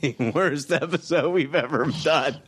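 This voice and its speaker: A man's voice: fairly high pitch, measured pace, fairly bright tone, husky. A man hosting a podcast, ranting in an exasperated, sarcastic and profane way. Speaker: podcast host. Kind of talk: casual chat.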